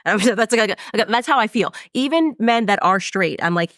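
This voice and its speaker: A woman in her thirties hosting an interview, talking in a quick, chatty, casual way with many restarts. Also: medium pitch, animated, a bit bright, no echo, clean studio sound. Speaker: interview host. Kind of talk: casual chat.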